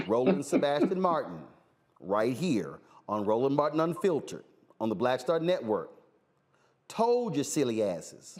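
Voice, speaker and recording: High-voiced fiery male talk show host. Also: very animated, unhurried, a little mellow. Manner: emphatic, repeats phrases for force. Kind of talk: fiery political commentary.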